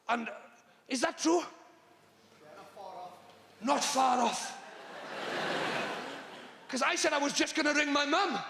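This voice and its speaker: A man doing a live stand-up routine on a large theatre stage, exasperated and bursting into shouts. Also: very high-pitched, expressive, takes it slowly, gravelly, long pauses, reverberant, long reverb tail. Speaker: stand-up comedian.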